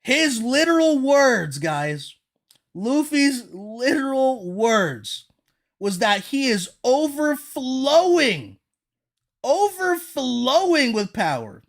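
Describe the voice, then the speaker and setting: High-voiced, excitable woman streamer. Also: slow. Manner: excitable and hype, swings into frantic shouting, talks to chat. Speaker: livestreamer reacting to manga chapters with chat. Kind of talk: livestream reaction talk.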